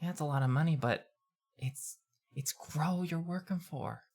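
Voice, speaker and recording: A player speaking in character in a tabletop game, pushing back quickly. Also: medium pitch, creaky, a little mellow.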